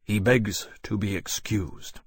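A man reading an audiobook voices a stern captain who speaks in a quiet, cold, clipped way. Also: on the low side, takes it slowly, slightly rough, exaggerated voice. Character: stern male naval captain, controlled anger.

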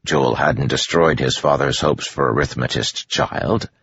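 A man narrating an audiobook in a measured, even storytelling manner. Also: extremely low pitch, gravelly, breathy edge. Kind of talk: scripted narration. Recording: dull lo-fi audio.

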